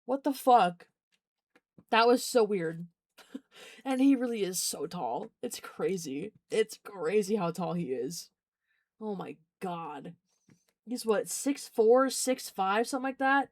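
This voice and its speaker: A woman's voice: mid-range voice, expressive, slow pace, a little mellow, dry recording, studio quality. A young adult woman streamer chatting casually, rambling, giggling often, and repeating herself. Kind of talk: casual chat.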